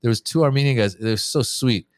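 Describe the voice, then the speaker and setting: This podcast guest, a comedian, is a fast talker with a medium-pitched voice, recorded at studio quality with no echo. In casual chat, he tells stories animatedly and acts out his exchanges with audiences from crowd work.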